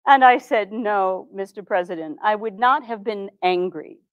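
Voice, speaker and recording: A woman playing an earnest 1860s reformer, telling her story in a first-person historical monologue with formal, measured diction. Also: mid-range voice, dry recording, lo-fi sound, natural voice. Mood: recounting. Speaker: historical reenactor.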